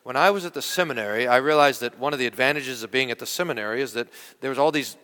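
A man preaching a sermon as pastor, talking in an animated, conversational way, often restarting and repeating words. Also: medium pitch, quick pace, big-room sound. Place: church.

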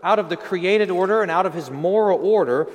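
A man preaching a sermon as pastor in a church, animated and rising to emphatic declarations. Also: high voice, a little fast. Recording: long reverb of a church hall.

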